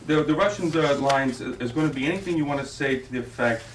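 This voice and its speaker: Here the audition director speaks fast in a mid-range voice, with a little hiss or hum in the audio. He walks an actress through a scene in a meandering way, keeps starting over, and performs lines himself. The room sounds spacious and he is far from the mic.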